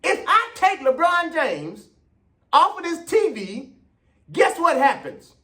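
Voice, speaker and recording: A man's voice: very high-pitched, huge pitch swings, slow pace, bright, forceful tone. A man hosting his own video show, ranting passionately to camera as a runner, repeating his points and stretching out words for emphasis. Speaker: vlog host and runner. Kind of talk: heated opinion rant to camera.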